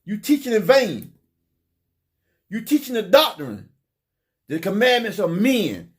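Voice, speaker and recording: A man's voice: sits high, big pitch swings, a little slow. A man delivering an impassioned preaching monologue, fervent, often repeating phrases and stumbling over his words. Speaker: religious speaker.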